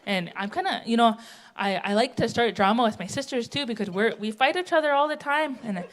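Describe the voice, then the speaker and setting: A woman's voice: a little high, brisk. Brash, blunt woman doing stand-up. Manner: blunt, brash, tell-it-how-it-is. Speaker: stand-up comedian. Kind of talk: stand-up comedy set. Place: theatre stage, live audience.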